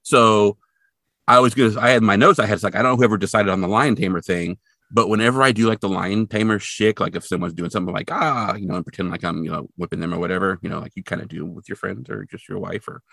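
A man's voice: fairly low pitch, fast talker, creaky, sharp tone, dry recording. A man co-hosting a podcast, recapping a cartoon episode in casual, wry chat and swearing bluntly. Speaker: podcast co-host.

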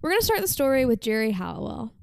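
Brief: woman podcast host, casual storyteller, a bit high and smooth, dry sound. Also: very animated, fast, no room sound. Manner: chatty, frequent "like" fillers.

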